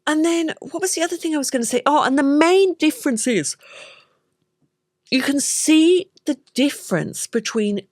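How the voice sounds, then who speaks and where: A woman's voice: sits high, lively intonation, normal speed, dry recording, studio quality. A woman hosting a podcast as a baby sleep consultant, speaking emphatically and acting out what parents and babies would say. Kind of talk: casual podcast chat.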